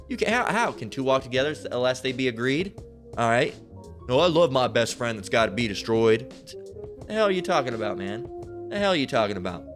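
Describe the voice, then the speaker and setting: A man giving a rambling, profane casual preaching rant about scripture, often repeating himself and swearing. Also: mid-range voice. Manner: rambling, repetitive, swears a lot. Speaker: religious commentator.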